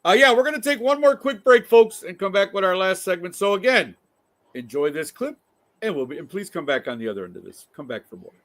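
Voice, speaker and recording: High-voiced chatty male host. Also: sing-song, fairly quick, a bit bright. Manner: chatty, joking asides to the audience. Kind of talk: casual chat.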